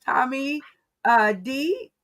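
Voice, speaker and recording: A woman's voice: high voice, animated, extremely slow, fairly bright tone. A woman hosting an online comedy game show over a video call, laid-back and chatty.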